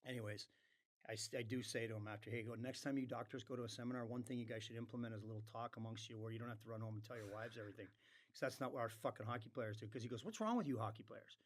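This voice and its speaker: A man at a middle pitch for his sex, spinning a long tale in a relaxed podcast chat. He swears freely and slips into the voices of the people in his story as he goes. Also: very fast. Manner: animated, acts out quoted dialogue, swears freely. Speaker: podcast guest. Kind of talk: casual storytelling.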